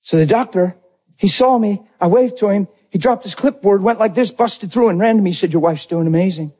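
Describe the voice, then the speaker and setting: Emotional husky-voiced man preaching. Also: sits high, brisk. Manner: emotional, voice rising to near shouts and dropping to hushed tones; acts out dialogue in his story. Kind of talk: testimony sermon.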